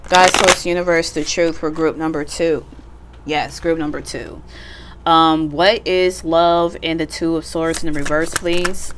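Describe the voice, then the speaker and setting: A woman's voice: sits low, fairly even intonation, measured pace, noisy background. A woman giving a casual tarot reading at home, chatty and blunt, swearing freely and laughing often. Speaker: tarot reader. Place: at home, sitting back in a computer chair.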